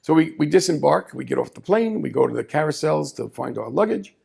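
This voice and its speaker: Gravelly man telling a story. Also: a little high, fairly quick. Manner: animated, chatty, asides to the audience. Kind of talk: live storytelling performance. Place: small café stage.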